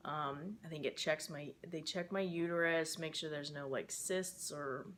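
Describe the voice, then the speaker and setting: A woman's voice: low voice, a little slow, fairly bright tone, slight background noise. A young woman talking to camera in a casual personal vlog, rambling and emotional with many fillers, stressed and frustrated. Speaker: vlogger.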